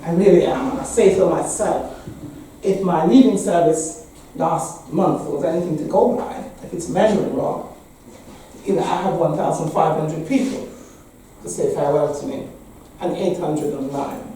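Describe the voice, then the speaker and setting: A woman's voice: sits low, moderate pace, mellow, a little hiss or hum. A woman in her sixties with an English accent, a parish priest giving a candid, wry talk with frequent laughter. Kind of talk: speech to a meeting. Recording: echoey hall from far off.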